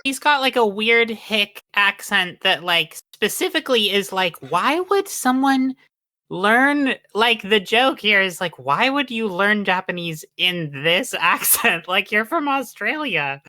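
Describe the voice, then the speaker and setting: A woman's voice: medium pitch, expressive, measured pace, pushed and bright, no room sound, clean studio sound. A woman co-hosting a podcast, joking animatedly about an anime character. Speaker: podcast co-host. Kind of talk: casual chat about anime.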